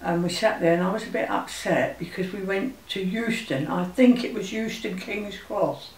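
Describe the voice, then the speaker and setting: An elderly English woman recalling her childhood in an interview, speaking in a gentle, halting way with many pauses. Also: mid-range voice. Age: older. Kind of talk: reminiscing interview. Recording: roomy, distant mic with faint hiss.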